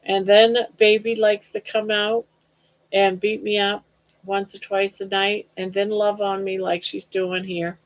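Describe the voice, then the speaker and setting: Chatting casually on her livestream, an older woman rambles, reads comments from viewers aloud and coos at her dog. Her mid-range voice shows little pitch movement and moves a little slowly. The audio is dull and lo-fi.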